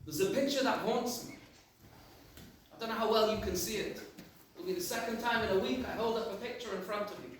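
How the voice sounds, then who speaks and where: A man's voice: high-pitched, fairly quick. A rabbi preaches from a distance, his voice ringing through a very reverberant synagogue. He tells stories with emphatic, reflective pacing. A faint noise sits under the recording. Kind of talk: sermon. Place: large synagogue hall. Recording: echoey synagogue from far off.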